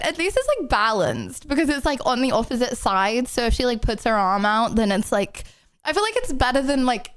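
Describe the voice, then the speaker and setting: A woman's voice: fairly high pitch, smooth. A young woman streamer chatting casually and giggling with her viewers while recovering from an illness, with many fillers. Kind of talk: casual live-stream chat.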